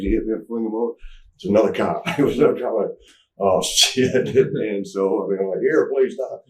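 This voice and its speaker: A man's voice: fairly low pitch, a little mellow. A man telling a candid story in an interview, rambling with restarts and acting out what people said. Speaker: interview guest. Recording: roomy, mic at some distance.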